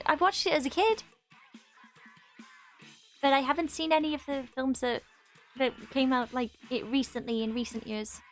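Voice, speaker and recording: High-voiced chatty woman streamer. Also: fairly bright tone. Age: 20s. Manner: chatty, reads chat aloud, laughs often. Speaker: live streamer. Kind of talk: casual live-stream chat while gaming.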